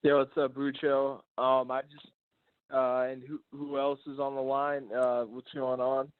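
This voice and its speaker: A man's voice: medium pitch, level tone, a little slow, smooth, dry recording. A man calling into a boxing show, earnest and hesitant, with frequent ums as he makes his case. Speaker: caller. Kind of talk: call-in boxing opinion. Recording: phone line.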